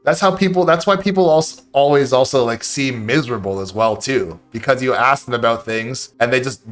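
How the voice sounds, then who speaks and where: Fast-talking blunt male streamer. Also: mid-range voice, fairly bright tone, soft background music. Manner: blunt, profane, rapid-fire. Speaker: livestreamer and game coach. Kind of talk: casual advice rant.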